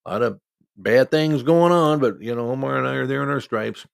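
A man's voice: medium pitch, fairly quick, gravelly, clear, resonant tone, no room sound. A middle-aged man from Iowa, a football referee, telling a story in a folksy, conversational way and quoting people in his own voice. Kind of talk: casual spoken storytelling.

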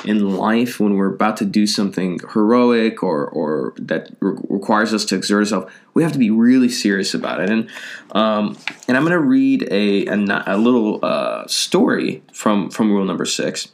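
A man's voice: lowish voice, expressive, normal speed, gravelly. A man giving a loose, conversational motivational talk, with lots of fillers and a habit of tagging his points with "right?".

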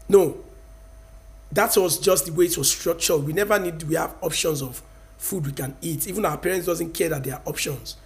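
High-voiced Nigerian vlogger in his thirties, lecturing viewers with emphatic, preachy energy. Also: moderate pace. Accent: Nigerian, Yoruba-speaking. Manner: emphatic, preachy, mixes in Yoruba. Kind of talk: casual opinion rant to camera.

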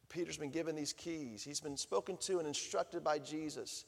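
A man preaching a sermon, animated, swinging from hushed lines to booming ones. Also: normal speed, gravelly, few pauses, big-room sound. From Southern United States. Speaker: pastor.

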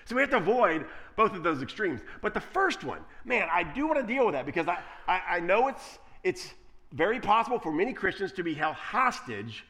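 A male preacher giving a conversational sermon, telling stories in an animated way. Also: high-pitched, a little fast. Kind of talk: sermon with storytelling.

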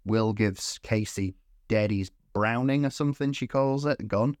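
A man's voice: fairly low pitch, moderate pace, no room sound, studio quality. A man co-hosting a casual podcast, recapping a film with lots of swearing and put-on character voices. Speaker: podcast co-host.

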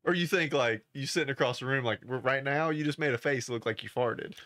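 A young man co-hosting a casual podcast, relaxed and joking, with lots of filler phrases. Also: mid-range voice, fairly quick, no room sound, clean studio sound. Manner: laid-back, joking, lots of "you know". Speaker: podcast co-host. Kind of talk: casual chat.

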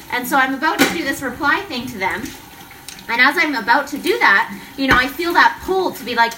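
Woman, 30s, chatty vlog, lots of fillers, fairly high voice, kitchen clatter. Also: animated, brisk, distant mic, heavy background noise. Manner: chatty, rambling with many fillers. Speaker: mother vlogging her day. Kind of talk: casual vlog monologue. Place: home kitchen. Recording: home recording a bit away from the mic, loud kitchen clatter. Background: dishes and cutlery clattering.

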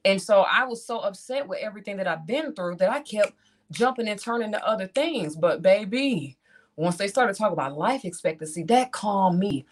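A woman in her thirties, speaking, tells a personal testimony in animated style and acts out her own reactions as she talks to the audience. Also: medium pitch, moderate pace. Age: 30s. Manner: talks straight to the audience, calls them "y'all".

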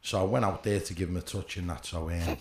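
A man's voice: low voice, fairly even intonation, fast. A man with a Liverpool accent hosting a podcast, telling rambling stories full of swearing and "you know what I mean". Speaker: podcast host. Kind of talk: casual storytelling with heavy swearing. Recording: echoey room with faint noise.

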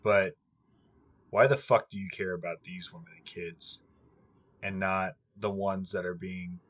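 A man's voice: low voice, fairly even intonation, unhurried, a bit bright. A young man in casual chat, rambling and swearing freely, with plenty of ums. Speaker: podcast co-host.

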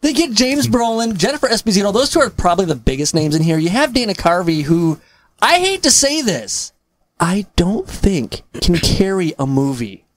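Animated woman, lively skeptical delivery. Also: medium pitch, normal speed. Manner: animated, skeptical, laughs often. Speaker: podcast co-host. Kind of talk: casual movie discussion.

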